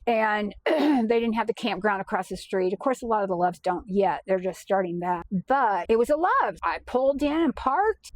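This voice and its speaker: A woman in an everyday middle-pitched voice tells a personal story in a loose, chatty, self-deprecating way, the sound close and dry with no room around it. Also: dry recording. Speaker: vanlife vlogger. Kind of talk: casual first-person storytelling.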